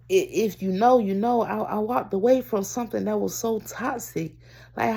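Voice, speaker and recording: A woman vlogger telling a personal story to camera in a rambling, halting way, often calling her viewers y'all and breaking off to restart. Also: medium pitch, vocal fry, dark tone, breathy edge. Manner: restarts and trails off.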